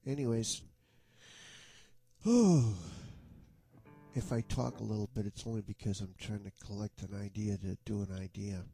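A man hosting an online music jam, chatting casually in a rambling, halting way with frequent restarts and chuckles. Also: on the low side, gravelly, mellow, breathy edge, dry recording. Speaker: online jam session host. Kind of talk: casual chat.

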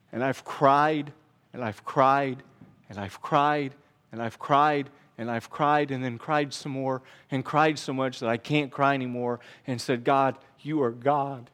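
Preaching slowly and earnestly, this man's medium-pitched, steady voice sinks to a hush, then builds to forceful repeated phrases as he delivers his sermon as pastor.

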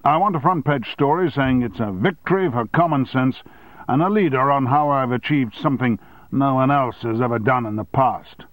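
A man reading an audiobook and voicing a blustering, domineering male newspaper owner who talks loudly and impatiently. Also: normal speed, no room sound, natural voice. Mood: triumphant. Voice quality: loud, booming. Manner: bullying, impatient.

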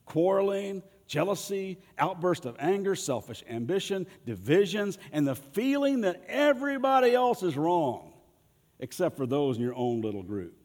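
Folksy preacher in a reverberant hall. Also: male voice, high voice, very animated, normal speed, a little mellow. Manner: folksy, humorous preaching with audience prompts. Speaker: pastor. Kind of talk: sermon.

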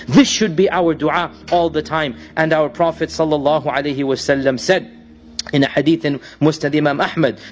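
High-voiced man preaching a vivid sermon. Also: fairly even intonation, normal speed. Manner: dramatic storytelling, rising and falling, recites Arabic verses.

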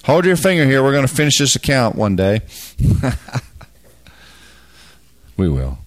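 A man preaching a Bible teaching, folksy and emphatic, dropping into quiet asides and then rising to loud, fervent bursts. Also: medium pitch, wildly swooping pitch, unhurried.

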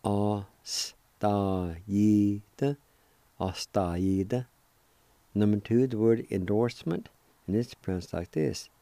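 This radio host teaching vocabulary has a fairly low, creaky, mellow voice and sounds animated at a normal speed. He spells words out one letter at a time, says each pronunciation again, and keeps his slow lesson politely encouraging, with no room sound.

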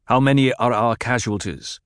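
A man's voice: mid-range voice, normal speed, clean tone, dry recording, clean studio sound, lightly acted. A man reading an audiobook voices a commanding young male duke who barks stern orders. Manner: barks orders, rising to shouts. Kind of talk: audiobook character voice.

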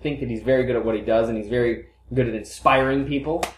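A man's voice: mid-range voice, fast, a little hiss or hum. Joking man co-hosting in a roomy space. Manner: joking, chatty banter with restarts. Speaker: podcast co-host. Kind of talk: casual sports chat. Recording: roomy echo.

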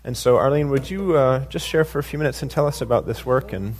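A male pastor speaks to his congregation during a service, handing the floor to a guest. His voice sits at an ordinary middle pitch. He talks in a relaxed, unpolished way, with frequent uhs and ums. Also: fast talker, a crowd in the background. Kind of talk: sermon, introducing a guest.

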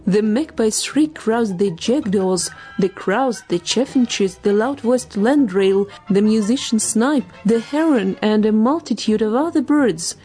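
A woman narrating a storybook tale in a measured, expressive reading. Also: on the high side, faint music behind.

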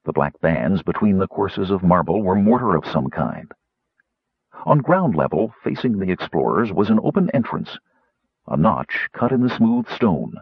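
A man narrating an audiobook with expressive storytelling. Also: low-pitched, moderate pace, slightly rough, no room sound. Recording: slightly muffled recording.

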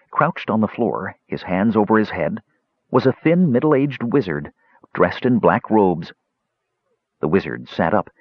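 A man narrating a fantasy audiobook with expressive, dramatic storytelling. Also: fairly low pitch, slightly rough, dry recording. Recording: dull lo-fi dry recording.

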